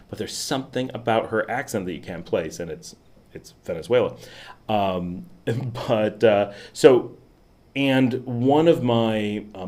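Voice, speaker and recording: Chatty low-voiced man hosting a livestream. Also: a little mellow. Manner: rambling, chatty, frequent fillers and laughs. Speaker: vlog host. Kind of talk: casual livestream chat. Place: at home in the city.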